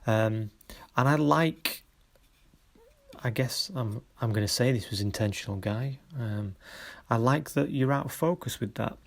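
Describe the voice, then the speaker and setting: A man leading a photography workshop, giving encouraging feedback on students' photos in a halting way with many pauses. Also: mid-range voice, vocal fry, slight background noise.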